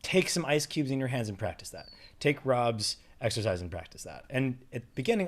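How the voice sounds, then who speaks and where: A man's voice: medium pitch, sing-song, fairly quick. A man coaching a breathing exercise in an emphatic, casual way. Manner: emphatic, guides breath counts aloud. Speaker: panel speaker.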